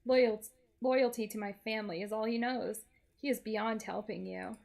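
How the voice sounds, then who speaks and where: Woman doing a pompous small male villain, theatrical, grandiose, gravelly edge. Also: on the high side, steady tone, normal speed, darkish tone. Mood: haughty. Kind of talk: reading a game aloud with voices.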